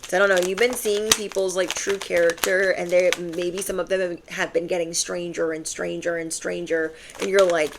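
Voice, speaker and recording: A young woman reads tarot for her viewers in a casual, emphatic stream full of slang. Her voice sits fairly low with a gravelly fry, over a faint hiss of background noise. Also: normal speed, few pauses. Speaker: tarot reader. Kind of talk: channeled tarot reading to viewers.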